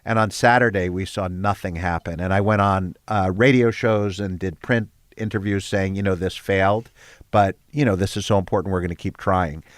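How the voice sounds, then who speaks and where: The head of a storytelling nonprofit, an older man, tells stories earnestly in a conversational interview, with fillers and false starts along the way. He speaks at a moderate pace in a low, steady voice. The clean studio recording is dry.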